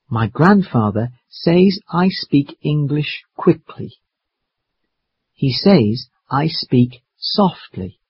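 A reader telling a children's story slowly, bringing in character voices, in a dull, dry recording. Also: medium pitch, animated, husky, dry recording.

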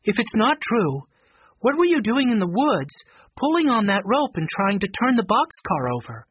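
A sharp teenage girl detective, as a male storybook narrator puts her on, pitched well above the reader with a breathy tone. She questions and accuses firmly. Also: big pitch swings, moderate pace, no room sound, dull audio, exaggerated voice.

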